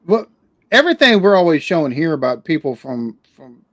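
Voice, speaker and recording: A man's voice: a little high, sing-song, a little fast, no room sound. Rambling man in a dry close recording. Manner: rambling, swears casually, frequent restarts. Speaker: podcast guest, reaction channel creator. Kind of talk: casual interview chat.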